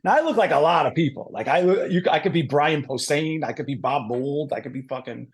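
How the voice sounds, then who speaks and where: A middle-aged man telling stories in a casual podcast chat, animated and full of swearing. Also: fairly high pitch, brisk. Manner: animated, profane storytelling. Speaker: podcast guest.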